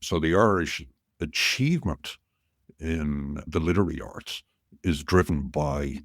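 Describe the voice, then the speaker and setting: A man hosting a podcast interview, speaking in a measured, reflective way. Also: very deep voice, no echo, clean studio sound. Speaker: podcast host.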